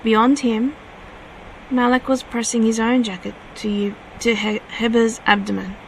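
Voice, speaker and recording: A woman reading her own fanfiction aloud at a steady pace, now and then correcting herself. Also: on the high side, a little slow, creaky, slight background noise, poor audio.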